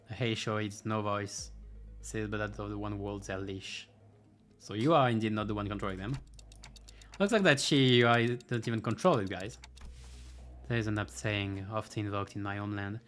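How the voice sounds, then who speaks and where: A man's voice: fairly low pitch, steady tone, a little fast, a bit bright, soft background music. A man playing through a game's story, reading the dialogue aloud and breaking off for dry, sarcastic asides. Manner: dry, sarcastic asides between read lines. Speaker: game streamer.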